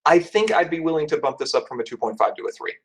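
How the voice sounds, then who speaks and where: A man's voice: fairly high pitch, animated, quick pace, a bit bright, slightly rough, poor audio. A man co-hosting a casual card game podcast, analysing and speculating. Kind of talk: casual panel discussion.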